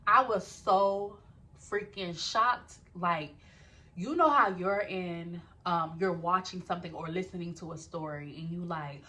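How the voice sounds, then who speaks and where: A young woman telling a personal story in a casual vlog, talking straight to her viewers, animated and swearing freely. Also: lowish voice, measured pace.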